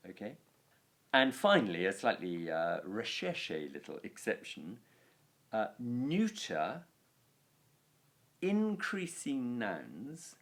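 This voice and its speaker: A male Latin teacher talks through grammar at an unhurried pace, and his slightly low voice rises and falls a lot. He explains patiently and chants lists of noun endings aloud. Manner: explanatory, chanting word endings, dry asides. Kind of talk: spoken grammar lesson.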